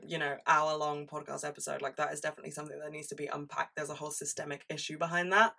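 A woman's voice: sits low, bright, forceful tone, far from the mic. A woman in her twenties hosting a solo podcast, chatty and casual, swearing freely and laughing often. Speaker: podcast host.

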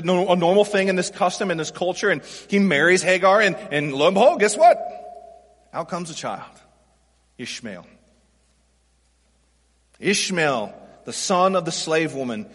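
A pastor with a high, husky voice preaches in a relaxed, conversational way, tossing out rhetorical questions to the congregation. His voice rings out in a hall with a long reverb. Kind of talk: sermon.

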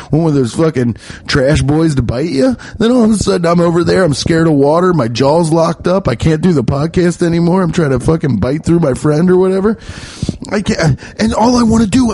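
A man in his thirties hosts a podcast, telling a rambling, profane story at his own expense. His voice sits a little high but sounds mellow and soft-edged. The recording is dry and close, with no room sound. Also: no room sound. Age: 30s. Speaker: podcast host. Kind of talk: casual comedic monologue.

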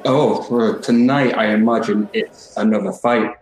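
A man playing in a tabletop game, chatting in a relaxed, laughing way. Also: lowish voice, a little slow, echoey room, rough recording. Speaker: player. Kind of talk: casual tabletop game play.

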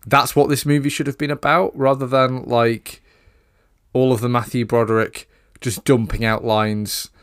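A man's voice: medium pitch, level tone, moderate pace, clean tone, no room sound, clean studio sound. A man co-hosting a casual film review chat, sarcastic and swearing casually. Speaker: podcast co-host.

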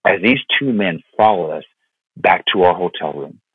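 A man in his thirties from Florida, a pastor speaking as a podcast guest, tells a personal story in an earnest, heartfelt way. His voice is fairly low and husky. He comes through a dry, tinny line that sounds like a phone call. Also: expressive, moderate pace, no room sound. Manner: earnest, heartfelt, with many fillers and repeated words.

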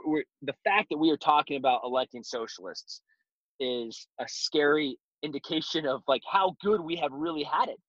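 A man's voice: fairly high pitch, a bit bright, no room sound. Man, blunt guest, mocking asides, dry close sound, dull lo-fi recording. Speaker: guest, self-defense instructor. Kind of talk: casual interview talk.

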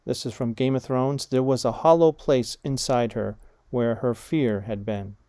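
Man reading vocabulary aloud, slow deliberate dictation, mellow low-key tone, dry close sound. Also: steady tone, no room sound. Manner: measured, deliberate, reads words and punctuation aloud. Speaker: vocabulary reader.

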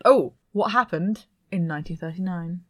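A woman's voice: on the low side, moderate pace, dry recording. Woman on a podcast, chatty, giggly, dry close sound. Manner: chatty, giggly, tells history with asides. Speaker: podcast co-host. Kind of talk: casual chat.

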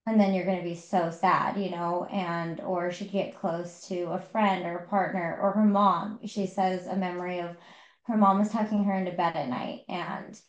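A woman's voice: on the low side, fairly even intonation, normal speed, reverberant, lo-fi sound. A woman co-hosting a podcast, casually retelling a book's story with many fillers. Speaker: podcast co-host. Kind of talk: casual book discussion.

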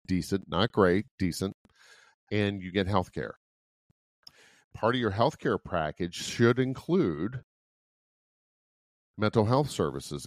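Blunt, low-voiced middle-aged man. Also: dry recording, studio quality. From Ohio, USA. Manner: blunt, profane, laughs often. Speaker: podcast co-host. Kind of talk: casual podcast chat.

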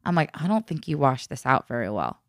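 Woman, low voice, chatty storyteller, laughs a lot, acts out quotes, dry close sound. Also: very animated, fairly quick, no room sound. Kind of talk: casual chat.

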